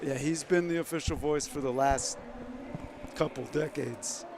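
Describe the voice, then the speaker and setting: High-voiced man with loud noise behind. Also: unhurried, creaky. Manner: playful, enthusiastic, hypes others up. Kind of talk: casual chat.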